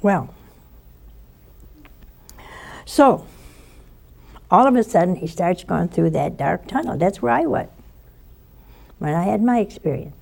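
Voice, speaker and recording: A woman giving a spoken sermon, telling a story in an animated way and acting out the voices of the people in it. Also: on the low side, unhurried, creaky, long pauses, husky. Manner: animated storyteller who acts out quoted voices.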